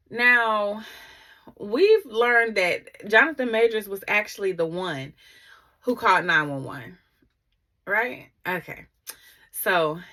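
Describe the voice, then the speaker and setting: A woman doing gossip commentary to her viewers. She is sassy and animated, and keeps stopping to talk back to the texts she reads. Her voice is bright and forceful and swings widely in pitch. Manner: sassy, animated, laughs and comments between readings. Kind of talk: casual commentary, reading texts aloud.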